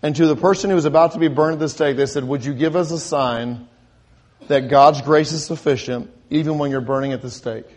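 A man's voice: fairly high pitch, fairly even intonation, fairly quick, a little mellow. A man preaching a sermon, asking his listeners questions and building to emphatic peaks, with frequent restarts and repeated words. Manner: rising to emphatic crescendos, asks the congregation questions.

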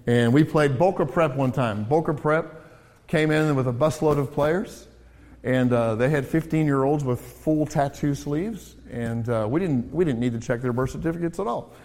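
A middle-aged American man preaching in a church, his fairly high voice swinging from raised emphasis down to low, hushed asides. A long reverb from the hall trails after each phrase. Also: moderate pace. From United States. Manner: animated preaching, rising for emphasis, then dropping low. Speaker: pastor and counselor. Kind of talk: sermon.

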